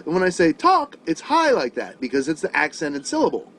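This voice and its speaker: A man's voice: on the high side, huge pitch swings, brisk, fairly bright tone, a little hiss or hum, rough recording. A man giving an online songwriting lesson over a video call, casual and profane, often checking that his student follows. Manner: casual, swears freely, checks understanding often. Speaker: music teacher.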